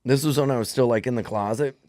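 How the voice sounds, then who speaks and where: A man's voice: mid-range voice, quick pace, no room sound. A man co-hosting a comedy podcast, telling stories casually and acting out the voices of people in them, in a studio. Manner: animated, acts out voices in his stories.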